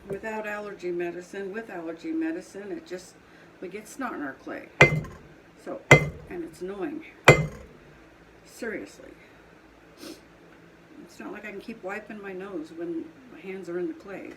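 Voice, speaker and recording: A woman's voice: fairly low pitch, expressive, moderate pace, long pauses, noisy background. A middle-aged woman from Colorado with a Southern twang and a sniffly nose, chatting casually in her home pottery studio while she works, rambling and laughing often. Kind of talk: casual chat while working.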